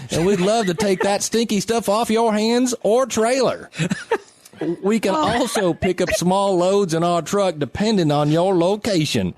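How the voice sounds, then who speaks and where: A man's voice: high voice, darkish tone, voice pushed up. A man reading a farm manure ad on a live show in a put-on American Southern accent, laughing through it. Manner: laughing through the read, playful. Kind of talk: live radio ad read.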